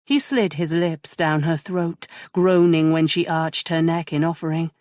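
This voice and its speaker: A woman narrating a romance audiobook in a measured, gentle way. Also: low voice, no room sound, studio quality.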